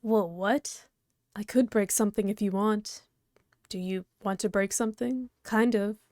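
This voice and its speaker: Woman playing a quiet ghost girl, deadpan, flat delivery, dry sound. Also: medium pitch, measured pace, no echo, close to an everyday voice. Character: calm deadpan ghost girl, part frog. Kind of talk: reading a webcomic aloud with voices.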